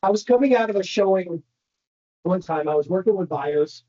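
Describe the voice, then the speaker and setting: A man giving an animated motivational training talk to a room of real estate agents, telling stories and asking the crowd questions. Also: high-pitched, moderate pace, lo-fi sound. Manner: animated storytelling, addresses the crowd directly.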